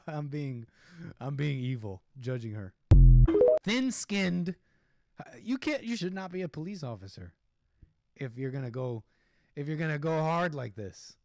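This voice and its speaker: A man's voice: medium pitch, sing-song, normal speed, dry recording, faint music behind. A man hosting a stream, ranting sarcastically and indignantly over a video clip and laughing at his own jokes. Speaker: streamer host.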